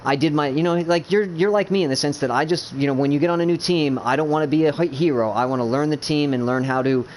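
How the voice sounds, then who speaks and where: A man's voice: fairly high pitch, quick pace, hardly any pauses, a little mellow, slight background noise. A man chatting casually about his gaming team, rambling with many fillers, restarts and swearing. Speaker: gamer streamer.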